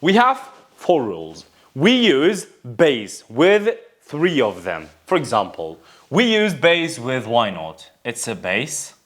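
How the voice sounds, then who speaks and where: A male English teacher with Kurdish as his first language walks through a grammar and pronunciation lesson at an unhurried pace. His pitch rises and falls a lot as he repeats words and asks the class questions. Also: wildly swooping pitch, fairly bright tone.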